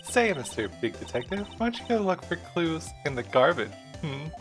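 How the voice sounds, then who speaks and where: A man doing a teasing, high sing-song young woman. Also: sing-song, normal speed. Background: game music.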